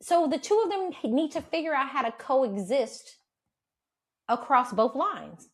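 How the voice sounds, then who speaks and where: Animated woman chatting with lots of laughter. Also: high voice, measured pace. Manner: animated, laughs often, swears casually. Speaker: podcast co-host. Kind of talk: casual chat.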